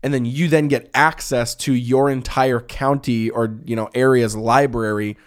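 A man's voice: mid-range voice, steady tone, normal speed, clean tone. A man co-hosting a podcast in casual chat, rambling and enthusiastic with lots of fillers and restarts. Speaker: podcast co-host.

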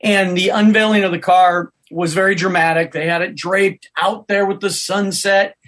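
Man telling a lively story. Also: high-pitched, moderate pace. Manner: animated anecdotal storyteller. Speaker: podcast guest. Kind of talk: casual storytelling chat.

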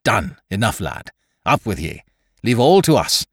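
Guy reading a calm bossy pirate captain, low voice, lots of swing, story reading. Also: creaky, husky, dry recording, clean studio sound, heavily acted. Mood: commanding. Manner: cool, brisk, giving orders. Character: cool-headed commanding male pirate captain.

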